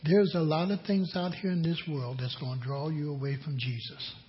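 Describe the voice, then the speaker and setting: An older man preaching a sermon as pastor, slow and emphatic, repeating his key lines. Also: on the high side, steady tone, slight background noise. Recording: dull lo-fi audio.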